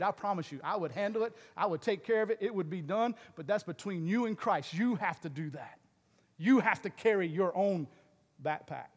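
A middle-aged male pastor preaching a sermon, moving between loud, emphatic exhortation and quieter, earnest asides. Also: sits high. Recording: long hall reverb.

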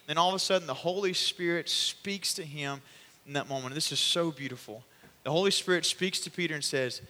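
Male preacher, animated storyteller, bright forceful tone, hall reverb. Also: a little high, quick pace. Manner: animated storytelling, acting out voices. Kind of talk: sermon.

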